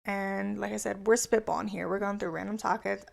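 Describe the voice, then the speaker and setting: A woman's voice: medium pitch, fairly even intonation, a little fast, creaky. A young woman in her twenties hosting a casual solo podcast, chatty, rambling and profane. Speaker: podcast host.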